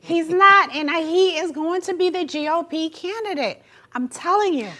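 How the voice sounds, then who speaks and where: A Jamaican woman co-hosting a talk show in casual chat, with a squeaky, strained voice and an outspoken, emphatic way of talking. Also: moderate pace, crowd noise. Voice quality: squeaky, high voice. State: strained voice from throat trouble.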